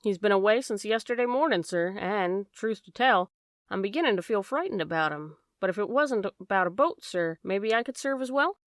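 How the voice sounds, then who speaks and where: In an audiobook reading, a woman voices a fretful, chatty working-class boatman's wife, speaking plainly and dropping word endings. Her mid-range voice has lively intonation and a moderate pace, close to everyday speech, recorded dry with clean studio sound.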